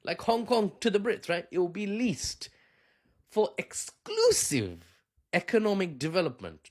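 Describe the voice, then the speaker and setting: Man, casual commentary host, animated pitch, joking, laughs at own jokes. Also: a little slow. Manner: joking, chatty, laughs often, self-deprecating asides. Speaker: video host.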